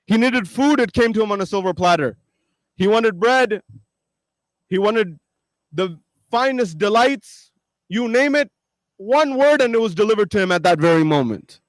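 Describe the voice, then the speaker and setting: A male preacher tells a parable-like story to a congregation, repeating phrases for emphasis and calling out to his listeners. His voice is high for a man, and the recording is dry and close with no room sound. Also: animated, moderate pace, long pauses, dry recording, poor audio. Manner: emphatic, repetitive, addresses listeners directly. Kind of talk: storytelling sermon.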